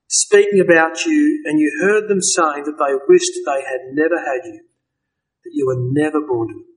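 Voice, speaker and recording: A man preaching a sermon, earnest and emphatic, slowing down to stress key words. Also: on the high side, rough recording.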